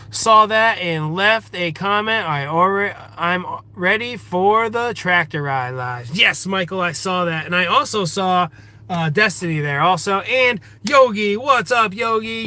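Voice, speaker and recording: A man with a high, bright voice hosts a casual livestream from outdoors in a forest. He reads viewer comments aloud and greets each person by name. His voice stays high and bright throughout. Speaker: livestream host.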